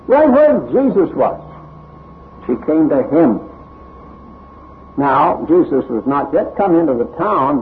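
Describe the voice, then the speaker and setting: Man preaching slow and expressive, pitch swinging all over, sounds like it's coming through a phone. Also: a little hiss or hum. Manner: expressive, dramatic emphasis, unhurried delivery. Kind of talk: sermon with scripture reading. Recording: tinny narrow-band recording.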